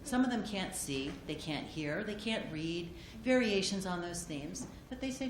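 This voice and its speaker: Woman giving an earnest acceptance speech at a conference, soft-spoken with restarts, in an echoey room. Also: mid-range voice, lively intonation. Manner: gentle, halting, many fillers and restarts. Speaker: award acceptor speaking for a doctor. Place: conference hall. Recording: echoey hall, audience noise.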